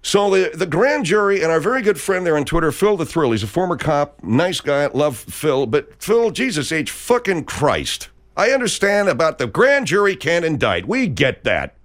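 A furious man rants and swears nonstop, his voice sitting fairly high and swinging widely up and down. He jabs with sarcasm and keeps up a heated, biting attack. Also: big pitch swings, moderate pace, hardly any pauses, a bit bright. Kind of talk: angry profane rant.

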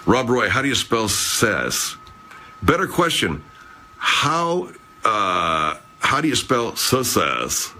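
A man's voice: on the low side, sing-song, slow pace, bright, forceful tone. A man hosting a casual live chat, rambling, swearing, and reading out viewer comments. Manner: rambling, profane, chatty. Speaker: livestream host.

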